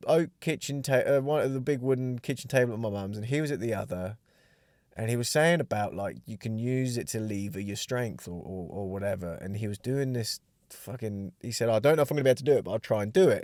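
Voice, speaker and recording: A man's voice: medium pitch, a little mellow, no room sound, studio quality. A young man hosting a podcast, telling a rambling, sweary story in casual chat. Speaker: podcast host.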